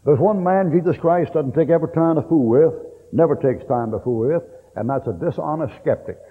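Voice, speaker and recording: A man's voice: on the high side, fairly quick, breathy edge, in a large hall. Folksy preacher man, tinny old tape. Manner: folksy, blunt, cracks jokes. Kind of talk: sermon.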